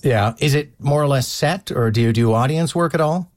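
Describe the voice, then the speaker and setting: A man from Canada hosts a broadcast interview. He delivers tidy introductions and asks his questions briskly. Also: medium pitch, a little mellow. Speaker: interview host.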